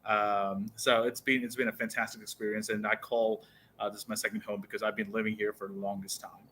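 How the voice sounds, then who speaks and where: A man from India speaks over a remote call, his voice bright and forceful. He talks haltingly, with frequent pauses and fillers. Faint background noise hums behind him. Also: fairly low pitch, level tone, poor audio. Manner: hesitant, many uh fillers. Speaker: guest. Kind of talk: casual online chat. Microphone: remote call audio.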